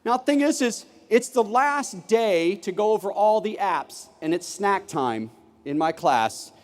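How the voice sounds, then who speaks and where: Keynote speaker, man, high and very lively voice, acts out every line of dialogue, big hall with long reverb. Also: a little slow. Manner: animated, acts out classroom dialogue. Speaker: keynote speaker, former teacher. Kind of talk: conference keynote storytelling. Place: large conference hall.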